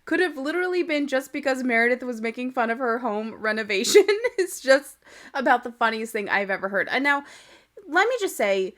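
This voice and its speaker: A woman's voice: on the high side, expressive, brisk, fairly bright tone. A young woman hosting a casual podcast recap. She talks in a chatty, opinionated way and laughs often. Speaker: podcast host. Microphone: podcast microphone.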